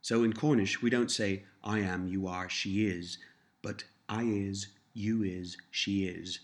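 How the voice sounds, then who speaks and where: A man narrating a scripted language course, giving slow, measured prompts and repeating each phrase twice. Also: deep voice, fairly even intonation.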